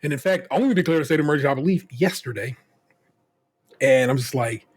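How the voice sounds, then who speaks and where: A man's voice: mid-range voice, fast talker, breathy edge. A man co-hosting a casual podcast, ranting profanely with many restarts and acting out other people in quotes. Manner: animated, voices others in quotes. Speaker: podcast co-host.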